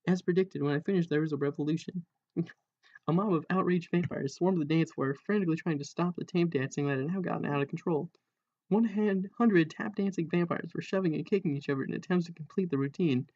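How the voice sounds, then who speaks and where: Male reader, slightly high voice, dry and amused, lo-fi home recording. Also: brisk, a little mellow. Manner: dry, amused, breaks into laughter at jokes. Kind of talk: reading a parody book aloud with asides.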